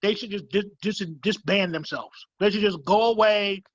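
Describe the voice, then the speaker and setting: Husky high-voiced man, joking and profane. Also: moderate pace, no room sound. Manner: laid-back, profane, joking, says "dog" a lot. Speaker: podcast co-host. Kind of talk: casual chat. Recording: muffled lo-fi remote call audio.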